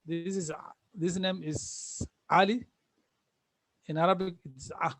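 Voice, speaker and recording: A man's voice: high-pitched, fairly even intonation, a little slow, fairly bright tone. A man teaching an online class, patiently repeating sounds and names for his students over a video call. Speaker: Arabic teacher.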